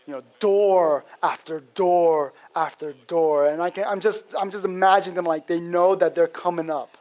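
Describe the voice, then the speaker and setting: A man preaching a sermon, telling the story in a casual, animated way with lots of fillers. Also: high-pitched, normal speed. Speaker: pastor.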